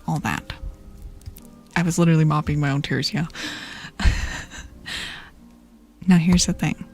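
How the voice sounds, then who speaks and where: A young woman streamer in a soft whispered role-play style, gossiping with her chat and laughing often, with faint music behind. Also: fairly low pitch, moderate pace, pauses often. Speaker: ASMR streamer.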